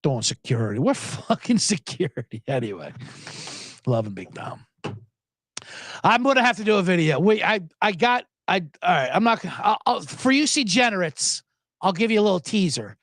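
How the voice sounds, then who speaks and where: Animated, profane sports-podcast host. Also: male voice, high voice, normal speed, no room sound. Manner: animated, profane, chuckling asides. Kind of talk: profane sports commentary rant.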